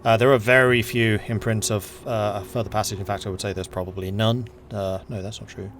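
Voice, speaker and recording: A man running a tabletop game as game master over an online voice call, narrating in an unhurried way with lots of fillers. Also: fairly low pitch, flat delivery, a bit bright.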